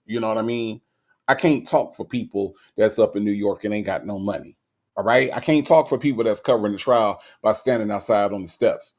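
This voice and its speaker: A man's voice: on the low side, a little mellow. A man with a Gulf Coast accent hosting a livestream, chatting casually and playfully greeting viewers, often repeating his phrases. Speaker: livestream host.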